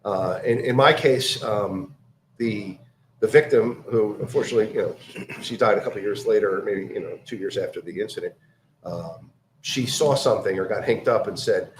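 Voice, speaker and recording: Man, casual storyteller, halting delivery with fillers; echoey room. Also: on the low side, a little hiss or hum. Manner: halting, many fillers and restarts, acts out quoted voices.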